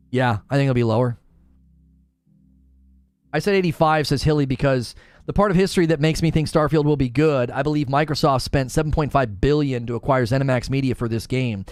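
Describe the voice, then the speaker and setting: A man hosting a casual gaming livestream, chatting with viewers and reading their comments aloud in a quick, talkative way. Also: mid-range voice, clean tone, dry recording.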